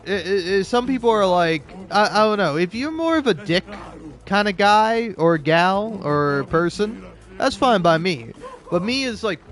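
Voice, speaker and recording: A man's voice: high-pitched, fairly bright tone. A man giving casual, rambling and profane commentary while playing a video game. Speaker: gaming YouTuber. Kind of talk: casual let's-play commentary.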